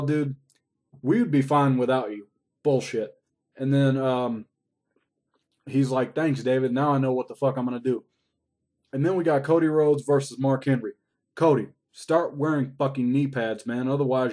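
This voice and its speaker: A man's voice: mid-range voice, a little mellow. A man recapping a wrestling show in a casual, rambling way, swearing often. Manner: profane, rambling play-by-play.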